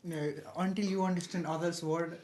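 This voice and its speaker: A man's voice: on the high side, fairly quick. A young man hosting a casual podcast chat with friends, talking animatedly and laughing often. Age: young adult. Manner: animated, laughs often, practicing a put-on accent. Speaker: podcast host. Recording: echoey room.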